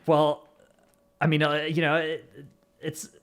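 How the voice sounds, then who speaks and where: Guy hosting a gaming podcast, slightly high voice, easygoing, reads names with little jokes. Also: completely flat delivery, slow, clear, resonant tone. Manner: easygoing, reading out supporter names with jokey asides. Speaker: podcast host. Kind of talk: casual gaming podcast chat.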